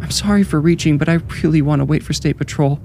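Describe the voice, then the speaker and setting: A man's voice: on the high side, expressive, moderate pace, noisy background, pitched above the performer's own voice. A man voicing a wary, defiant woman executive in a horror story reading. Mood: pleading. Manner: sharp, suspicious, then frightened and pleading.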